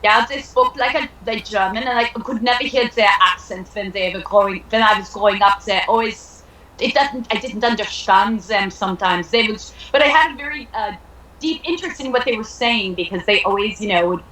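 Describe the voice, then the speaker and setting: A woman's voice: mid-range voice, brisk, pushed and bright, echoey room, low-quality recording. A woman from Long Island, an actress guest chatting playfully in an interview and laughing often. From Long Island, New York. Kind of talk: casual interview chat.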